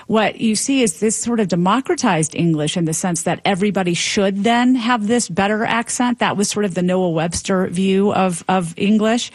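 A woman, a linguistics professor, explaining as a guest in conversational style with articulate, lively emphasis. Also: medium pitch, no echo.

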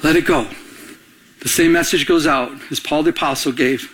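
A man's voice: fairly high pitch, moderate pace, fairly bright tone, slight background noise. A middle-aged male pastor preaching a conversational sermon, firing off rhetorical questions and calling on the congregation to answer.

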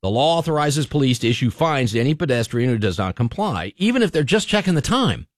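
A man hosting a radio talk show, talking in an opinionated, animated way with frequent restarts. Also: mid-range voice, fast talker, no room sound, studio quality. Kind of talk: casual radio chat.

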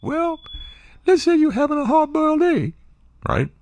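A man imitating an earnest older woman from an extension service who gives household hints in a slow, simple, drawn-out way. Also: very high voice, huge pitch swings, very noisy, pitched above the performer's own voice, exaggerated voice.

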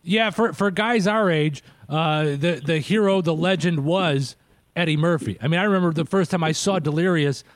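High-voiced chatty male radio host. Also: moderate pace, dry recording. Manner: chatty, laughs often, stammering restarts. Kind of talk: casual interview.

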